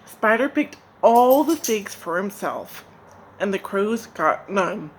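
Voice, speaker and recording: Woman from Nigeria reading a folk tale, slow and gentle, soft hiss behind. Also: medium pitch, lively intonation, rough recording. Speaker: storyteller. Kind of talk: storybook narration.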